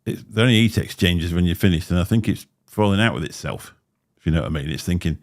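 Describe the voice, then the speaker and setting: Man, very low pitch, slight lisp, rambling chatty host. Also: quick pace. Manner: rambling, chatty, laughs often. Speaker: livestream host. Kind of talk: casual chat. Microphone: desk microphone.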